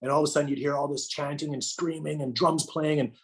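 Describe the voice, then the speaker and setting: A middle-aged man, a podcast guest, tells an emotional personal story in a halting way, restarting and repeating words with many fillers. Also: fairly high pitch, fairly even intonation.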